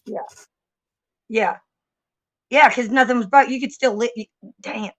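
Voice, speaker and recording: A woman's voice: on the high side, steady tone, a little slow, a bit bright, no echo, muffled recording. A woman co-hosting a casual chat, chiming in with reactions and telling her own stories with blunt swearing.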